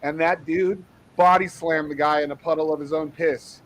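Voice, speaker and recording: A man telling a bar story in casual chat, swearing freely and animated. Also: a little high, moderate pace, a little hiss or hum, low-quality recording.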